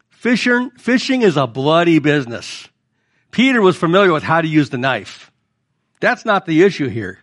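A middle-aged man preaches in a high, light voice. He keeps it conversational and turns to the congregation with questions. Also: a bit bright. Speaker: pastor. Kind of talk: sermon.

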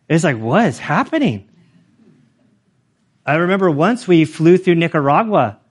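Preacher guy, kinda high voice, chatty and animated, lots of filler words. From United States. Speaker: pastor. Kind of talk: sermon with storytelling.

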